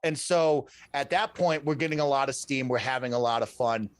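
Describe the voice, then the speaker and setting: A man telling a long personal story as a podcast guest, animated and ending his sentences with "right?". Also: mid-range voice, a little fast, no room sound.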